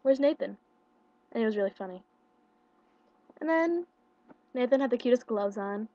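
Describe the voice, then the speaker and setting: A young woman casually retelling a concert meet-up into a webcam, excited and chatty, with lots of fillers and quoted dialogue. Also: fairly high pitch, moderate pace. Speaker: vlogger. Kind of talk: casual storytelling. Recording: lo-fi webcam audio.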